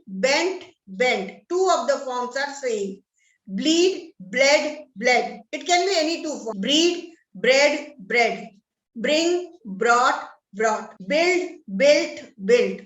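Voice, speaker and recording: A woman teacher with an Indian English accent slowly reciting lists of English verb forms in a drilled manner. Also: high-pitched, expressive, a bit bright. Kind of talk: reading a verb list aloud. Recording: roomy echo, distant mic.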